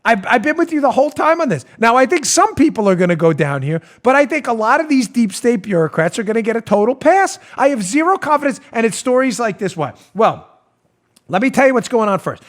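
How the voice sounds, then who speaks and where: A male talk show host ranting about politics with animated sarcasm, often laughing mid-rant. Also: very high voice, a little fast.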